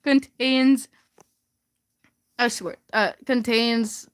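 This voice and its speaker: A woman's voice: a little high, fairly even intonation, drawn-out words. A young woman casually reading her old fanfiction aloud for laughs, giggling and stumbling over the words.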